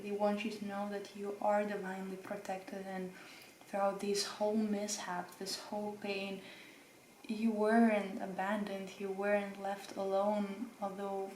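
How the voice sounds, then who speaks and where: A woman hosting a pick-a-card tarot reading, speaking gently and reassuringly to the viewer with emotion. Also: mid-range voice, roomy sound, a little hiss or hum, rough recording. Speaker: tarot reader.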